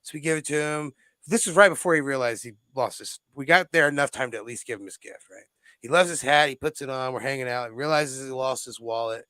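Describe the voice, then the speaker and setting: A man's voice: medium pitch, quick pace, bright, forceful tone, clear, resonant tone, no room sound, studio quality. A young man co-hosting a podcast, telling a story in casual chat, swearing freely and jumping into quoted voices. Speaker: podcast co-host.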